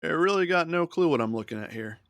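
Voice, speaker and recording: A man's voice: on the high side, animated, fast talker, a bit bright, dry recording. A man casually talking himself through a digital card game as a streamer, muttering his moves and thoughts. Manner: muttering thoughts while playing. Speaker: gaming streamer. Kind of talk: casual gameplay commentary.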